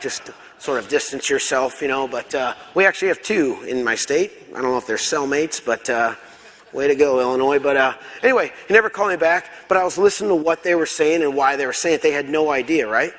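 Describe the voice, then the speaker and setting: A man telling a story as a conference speaker, acting out dialogue in different voices. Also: mid-range voice. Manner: animated, acts out dialogue. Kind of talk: storytelling keynote talk. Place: large conference hall. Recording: long hall reverb.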